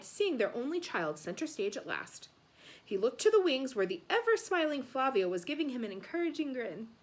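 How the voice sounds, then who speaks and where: A woman reading a children's book aloud in an expressive, animated way. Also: high voice. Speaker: storyteller.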